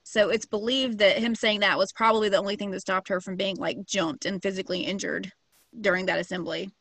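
A woman's voice: mid-range voice, steady tone, a little fast, a bit bright, no echo. Brief: a woman, casual storyteller, slangy and sweary, dry close sound. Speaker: podcast co-host telling a true crime story. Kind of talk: casual chat.

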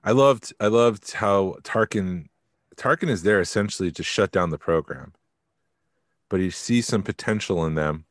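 A man's voice: lowish voice, moderate pace, no echo, studio quality. A man co-hosting a podcast, chatting casually and rambling, often trailing off mid-thought. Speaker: podcast co-host.

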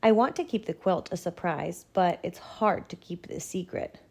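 A woman reading a picture book aloud in a gentle, measured storytelling voice. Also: on the low side, vocal fry, breathy edge. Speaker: storybook reader.

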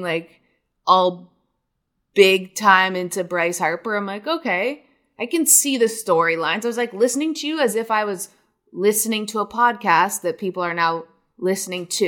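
Woman co-host, bright tone, animated rambling sports chat. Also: mid-range voice, normal speed. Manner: animated, rambling, self-deprecating. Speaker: podcast co-host. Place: New York City.

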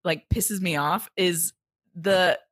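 A woman's voice: lowish voice, steady tone, takes it slowly, fairly bright tone, dry recording, clean studio sound. A young woman from the United States, a podcast guest, chatting casually and laughing often as she tells stories. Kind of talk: casual chat.

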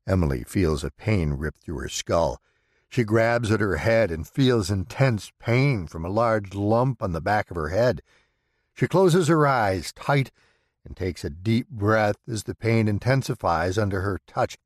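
A man narrates a scripted horror story in a low, slow voice. His pitch moves widely, which gives the telling a dramatic swing. The sound is close and dry, with no room around it. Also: animated, darkish tone, dry recording. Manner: measured, dramatic delivery.

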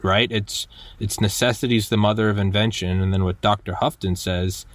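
A man hosting a podcast, telling stories in a lively, animated way and acting out quotes. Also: fairly low pitch, normal speed, no room sound. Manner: animated storyteller, acts out quotes, many restarts. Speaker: podcast host. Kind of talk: casual conversation.

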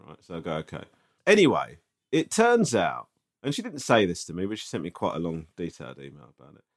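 A man's voice: lowish voice, fast. A man in casual podcast chat, telling a story with swearing and lots of asides. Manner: animated storytelling, swears often. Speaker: podcast co-host.

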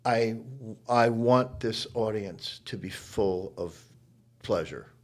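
Husky low-voiced man telling stories. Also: takes it slowly. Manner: emphatic, shifts from hushed to loud. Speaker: interview guest. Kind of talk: reflective storytelling. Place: his home.

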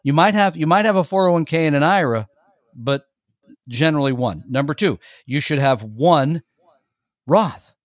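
A man's voice: on the high side, animated, moderate pace, no echo, studio quality. A man co-hosting a radio money show in a casual, emphatic, chatty way, laughing easily. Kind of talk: casual money-advice talk.

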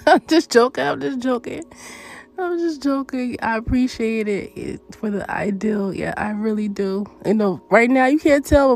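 A woman with a fairly high voice chats casually and jokes easily. Her voice sounds a little off from its normal self. Faint music plays in the background. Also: darkish tone. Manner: joking, bubbly, quick to laugh. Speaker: chat-room participant. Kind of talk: casual chat.

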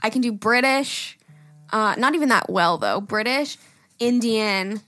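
A woman's voice: fairly high pitch, lively intonation, measured pace, sharp tone, no echo. A young woman with a Long Island accent co-hosting a podcast, chatting casually, laughing often and swearing freely. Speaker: podcast co-host. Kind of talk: casual chat.

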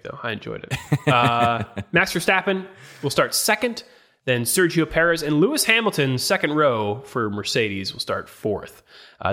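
A man co-hosting a podcast, chatting casually and reading through a list of starting positions with measured pauses. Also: on the high side, bright, forceful tone. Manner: reads lists with measured pauses. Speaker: podcast co-host. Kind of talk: casual chat and reading a race grid.

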